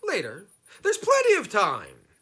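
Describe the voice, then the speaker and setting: A man's voice: high voice, huge pitch swings, unhurried, pushed and bright, husky, pitched above the performer's own voice, exaggerated voice. A man voicing a clever, unflappable folk hero in a storybook reading, cheerful and teasing.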